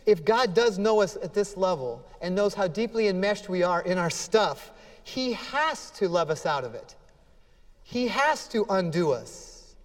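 High-pitched guy preaching a sermon, earnest, lots of emphasis, echoey hall sound. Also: lively intonation, a little slow. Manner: earnest, emphatic preaching with dramatic readings of scripture. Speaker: pastor.

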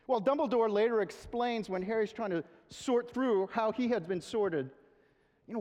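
A man preaching a sermon in an earnest, conversational way, with reflective pauses. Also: high voice, darkish tone, lo-fi sound. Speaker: pastor. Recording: long reverb of a large hall.

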